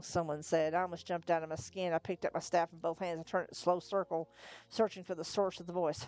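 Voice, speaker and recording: A woman's voice: fairly low pitch, fast talker. Woman narrating a novel live. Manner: steady storytelling with occasional slips and self-corrections. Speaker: narrator, reader. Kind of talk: live reading of a novel, first-person narration.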